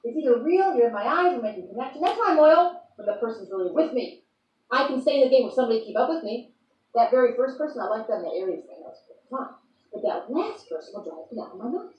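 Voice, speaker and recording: A high, lively woman talks fast and playfully, rambling through an improvised star-sign persona. She sounds amused by herself. The recording is dull and lo-fi, caught from a distance in an echoey room. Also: a little hiss or hum.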